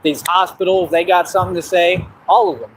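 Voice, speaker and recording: A man streaming alone outdoors in the dark, delivering a boastful, combative monologue that keeps repeating itself. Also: high voice, steady tone, a little fast, slight background noise, low-quality recording. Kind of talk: ranting monologue.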